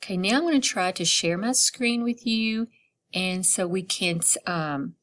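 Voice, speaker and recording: Female early-years teacher, slow deliberate pacing, drawn-out words, encouraging. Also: medium pitch, fairly bright tone. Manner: slow, drawn-out word modeling with encouraging praise. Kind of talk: phonics lesson for young children.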